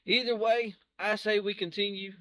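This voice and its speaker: A man's voice: high voice, steady tone, moderate pace, pushed and bright, dry recording. A man hosting a reaction video, talking casually to viewers in a rambling, self-correcting way with chuckles. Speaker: reaction channel host.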